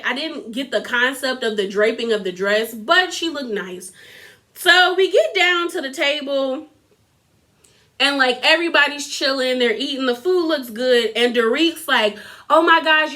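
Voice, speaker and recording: A woman's voice: sits high, expressive, unhurried, bright, forceful tone. A young woman chatting casually as she recaps a reality TV episode, full of filler words. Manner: chatty, lots of filler "like", quotes people in a put-on voice.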